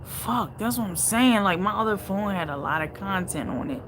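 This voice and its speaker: A woman hosting a casual livestream, reading viewer comments aloud and reacting to them bluntly, with heavy swearing, swinging between low muttering and loud outbursts. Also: lively intonation, normal speed, noisy background.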